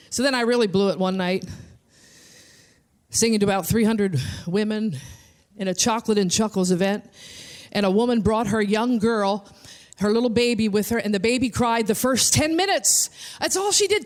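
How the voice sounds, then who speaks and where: A woman from New Jersey with a New Jersey accent, telling animated comic stories on stage as a comedian and singer. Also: mid-range voice, moderate pace. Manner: animated, breathless storytelling. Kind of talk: stand-up storytelling to an audience.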